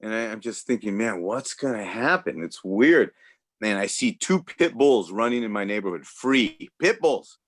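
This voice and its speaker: A man's voice: on the low side, expressive, moderate pace, no echo. A man from Los Angeles doing a loose, rambling stand-up set over a video call, often laughing at his own jokes. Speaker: stand-up comedian. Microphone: home computer mic on a video call.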